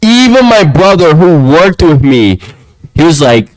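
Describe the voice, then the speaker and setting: A young man ranting to camera in a casual monologue at home, often tacking a low "bro" onto his lines. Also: very animated, measured pace, no room sound, rough recording. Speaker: vlogger. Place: quiet home, alone.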